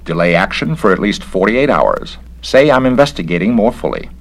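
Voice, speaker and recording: A man reading a story aloud, voicing an obedient male android copy of an inspector, crisp and dutiful. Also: lowish voice, sing-song, a little fast, pitched above the performer's own voice, full character voice.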